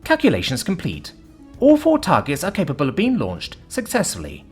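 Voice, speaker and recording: A man voicing a calm AI assistant inside a suit of armor, reporting results in a precise, flat way. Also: a little high, brisk, slightly rough, soft background music, voice pushed up, full character voice. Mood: matter-of-fact.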